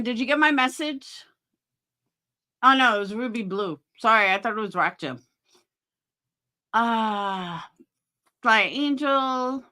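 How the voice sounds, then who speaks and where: Bright-voiced woman chatting on a livestream. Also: a little high. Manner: chatty, frank, swears freely. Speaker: livestream host. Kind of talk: casual livestream chat. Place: at home.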